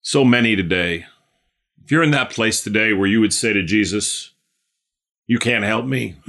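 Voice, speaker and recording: Bright-toned male preacher. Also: lowish voice. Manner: conversational, repeats phrases, fills pauses with "um". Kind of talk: sermon.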